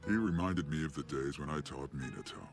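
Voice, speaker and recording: A wry, aging ninja sage in an anime dub. The voice is extremely deep and crackles with gravel, and the delivery rises and falls with lively, teasing warmth. Music plays clearly underneath. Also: male voice, fairly quick, exaggerated voice. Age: older. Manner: teasing, reflective. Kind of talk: anime English dub acting.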